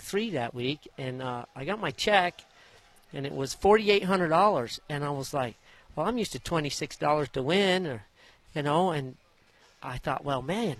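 A man from Idaho tells stories from his jockey years in a folksy, animated way, acting out the voices of the people in them. His voice sits a bit higher than most men's. He talks like someone sitting for an interview. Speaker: former jockey telling his story. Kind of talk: interview storytelling.

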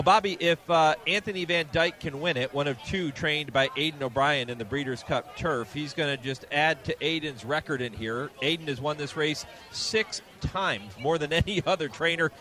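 A man hosting live sports radio, presenting in a brisk, upbeat broadcaster's manner. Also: on the high side, bright, forceful tone. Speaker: radio host.

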